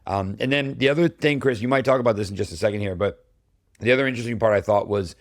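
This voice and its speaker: A man's voice: lowish voice, fast talker, dry recording, studio quality. A man hosting a cybersecurity podcast, chatting casually with frequent fillers and restarts. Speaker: podcast host. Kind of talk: casual chat.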